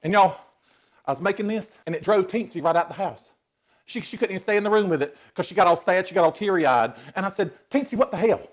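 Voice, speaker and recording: A man's voice: high-pitched, quick pace. A man in drag persona, hosting a comedic cooking show and telling sassy, salty joke stories in a kitchen. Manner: sassy, salty storytelling with laughs.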